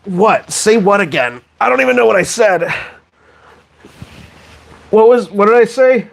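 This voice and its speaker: A rather high, lively voice that swings widely in pitch. A young man streaming casually, joking around and poking fun at himself as he rambles through his setup. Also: a little slow, vocal fry. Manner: joking, rambling, self-mocking. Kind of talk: casual live-stream chat.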